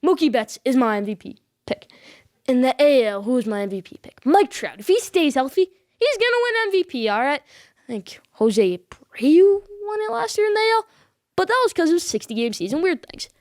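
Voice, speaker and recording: A woman's voice: high voice, very animated, brisk, a little mellow, dry recording, studio quality. Emphatic woman hosting sports podcast. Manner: emphatic, repeats points for stress; bold predictions addressed to viewers. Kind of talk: solo sports commentary.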